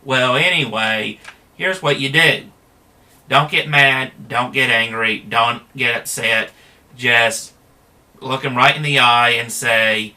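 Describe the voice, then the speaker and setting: A man's voice: medium pitch, fairly even intonation, slow pace, long pauses, sharp tone. A man talking in a casual, rambling monologue, plain-spoken, with frequent fillers and restarts.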